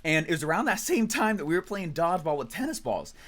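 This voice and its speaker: Male trainer, 30s, upbeat storyteller, pitched a touch high, keeps tagging lines with "right?". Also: very animated, quick pace, a bit bright. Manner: high energy, storytelling, frequent "right?" and "okay?". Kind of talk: energetic motivational training talk.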